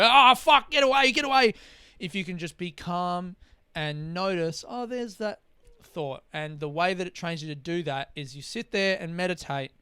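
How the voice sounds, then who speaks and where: A man's voice: a little high, clean tone, no echo. Rambling, sweary man podcasting. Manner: rambling, candid, swears freely, mimics voices for comic effect. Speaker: comedian and podcast host. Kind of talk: casual solo podcast monologue.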